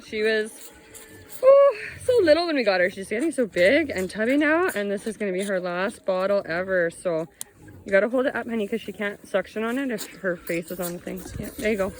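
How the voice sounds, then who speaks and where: A woman, chatting casually and excitedly in a vlog, recorded outdoors on a farm. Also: medium pitch, a little fast, slight background noise. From Canada. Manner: chatty and exclamatory. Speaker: homesteader vlogger.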